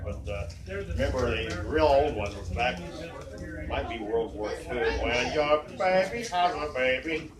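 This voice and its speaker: A man's voice: mid-range voice, reverberant, distant mic. A man at an open mic, singing and bantering in a rambling, self-deprecating way. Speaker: open mic singer and impressionist. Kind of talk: casual stage banter and singing. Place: coffee shop, indoors. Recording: live music in a coffee shop. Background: guitar music.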